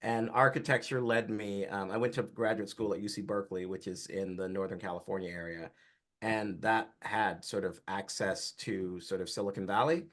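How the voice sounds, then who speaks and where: This man from Georgia speaks in a somewhat low voice and answers interview questions in a relaxed, explanatory way. He is a film director, and he tells his story at an easy, unhurried pace. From Atlanta, Georgia, US.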